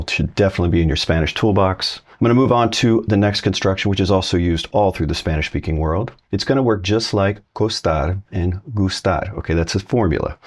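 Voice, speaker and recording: In this laid-back video lesson, the Spanish instructor speaks in a low voice and keeps things encouraging and easygoing. His examples come slowly and clearly.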